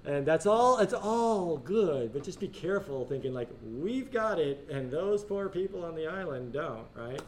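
A man leads a class discussion with a very lively, swooping voice that sits a little high for a man. He jokes and laughs often, with faint room noise behind him. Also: normal speed, hardly any pauses. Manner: animated, joking, laughs often. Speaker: teacher. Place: school classroom.

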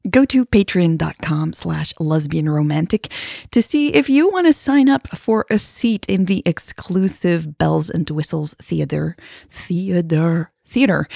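A woman hosting a podcast and reading serialized fiction in a plain, steady narration. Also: on the low side, creaky, breathy edge, dry recording, clean studio sound. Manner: plain, steady reading with small self-corrections. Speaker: podcast host and story narrator.

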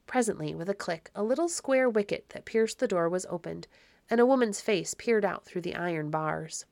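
Woman, audiobook narrator, measured storytelling, middle pitch, dry close mic. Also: lively intonation, vocal fry, a little mellow, no echo. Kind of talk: scripted narration of a classic children's novel.

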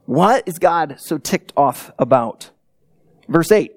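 A middle-aged man delivering a sermon with a lively, swooping delivery, acting out voices as he tells stories. His voice is close and dry, with no room sound around it. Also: sits high, measured pace, no echo. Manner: animated storytelling with acted-out quotes. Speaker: pastor.

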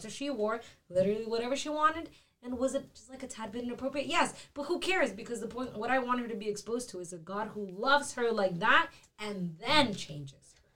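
A woman's voice: fairly high pitch, animated, a little fast, a bit bright. A young woman in a church youth group, speaking casually and frankly.

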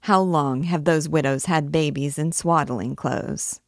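A woman reading aloud and voicing a stern, measured male archdeacon. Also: deep voice, dry recording, clean studio sound. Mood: sceptical. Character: stern, severe male archdeacon, middle-aged.

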